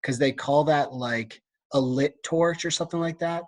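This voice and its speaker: A man's voice: on the high side, moderate pace. Chatty laid-back American man. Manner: laid-back, chatty, quizzing his friend. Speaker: podcast co-host. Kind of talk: casual chat.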